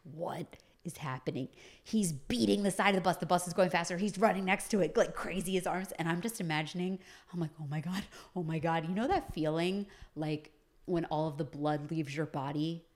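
Woman, low voice, casual storytelling, chatty, many fillers. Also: steady tone, a little fast. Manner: chatty, lots of fillers like "you know".

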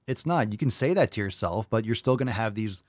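A man's voice: on the low side, expressive, brisk, no room sound, studio quality. A man hosting a podcast and giving blunt, mocking commentary. He swears freely and fires off rhetorical questions. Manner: brash, profane, mocking. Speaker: host.

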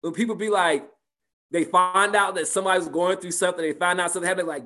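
A man's voice: high-pitched, fairly even intonation, fast talker, bright, forceful tone. A man teaching a spiritual class and answering participants' questions, talking conversationally, repeating phrases and asking "right?".

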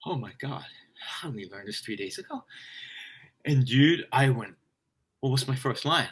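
A man's voice: medium pitch, normal speed, husky. A man, a stage actor, telling a story in casual conversation, swearing freely and laughing often. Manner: profane, laughing, energetic storyteller.

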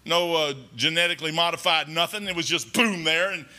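A man's voice: fairly high pitch, a little fast, pushed and bright. A man preaching a folksy, rambling sermon in a church, talking emphatically and conversationally.

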